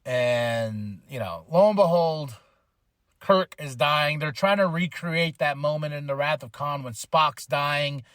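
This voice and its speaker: Man, fairly high voice, dry close sound, slangy casual podcast host, rambling movie recap. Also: slow, a bit bright, no room sound. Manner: slangy, rambling retelling with many fillers.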